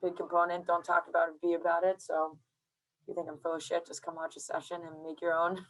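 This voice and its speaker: A woman with a slightly low voice talks casually as a podcast guest. She is laid-back and laughs easily. She leans on plenty of filler words as she talks about coaching. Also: completely flat delivery, fast talker, fairly bright tone, rough recording.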